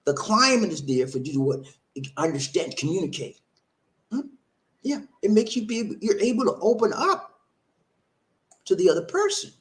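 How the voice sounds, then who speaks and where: A man's voice: high-pitched, big pitch swings, normal speed, long pauses. A man speaking, hosting a casual relationship advice talk, preachy and repetitive, full of rhetorical questions.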